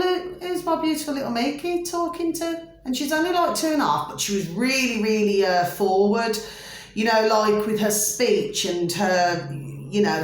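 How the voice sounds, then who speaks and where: A woman telling a long personal story in a rambling, chatty way, repeating herself and saying "you know" again and again. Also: low-pitched. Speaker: storyteller sharing a personal experience. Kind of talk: rambling casual monologue. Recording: very echoey room.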